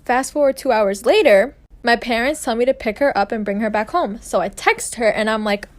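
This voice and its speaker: A young woman with a slightly raised pitch tells a storytime monologue. She sounds casual and exasperated as she recounts what happened. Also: fairly quick.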